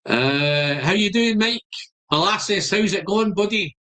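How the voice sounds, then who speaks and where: A Scottish man hosting a live stream with a voice pitched a little high. He talks in a chatty, friendly way and greets each viewer by name. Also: animated, a little slow, bright, forceful tone. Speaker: whisky channel host.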